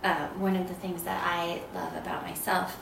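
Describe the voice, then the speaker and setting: A woman sharing a personal story of faith in an unhurried, soft voice that often trails into a whisper. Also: fairly low pitch, level tone, vocal fry. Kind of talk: personal testimony talk. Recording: echoey room, voice from far off, background noise.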